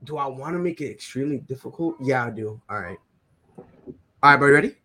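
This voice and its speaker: A man co-hosting a podcast in casual chat, excitable and slangy, trash-talking his friend. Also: mid-range voice, fast, a little hiss or hum. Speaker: podcast co-host.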